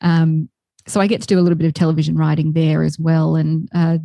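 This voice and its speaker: A woman's voice: sits low, flat delivery, quick pace, gravelly, warm tone. A woman with an Australian accent, a podcast guest chatting casually and laughing between phrases. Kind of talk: casual chat.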